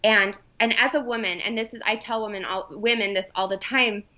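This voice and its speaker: A woman's voice: mid-range voice, steady tone, a little fast, pushed and bright. A young adult woman telling an emotional personal story in casual conversation, acting out the voices of people she quotes. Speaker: podcast guest. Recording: dull lo-fi sound.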